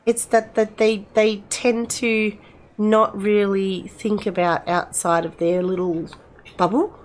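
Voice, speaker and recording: Slowly and with a flat delivery, a middle-aged woman offers rambling, chatty commentary while she plays a game, addressing the characters like friends. Her voice sits in the mid-range, and there's slight background noise.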